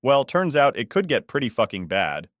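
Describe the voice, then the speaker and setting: A man's voice: mid-range voice, sing-song, moderate pace, no echo, clean studio sound. A man narrating a first-person story in a casual, conversational way, swearing often.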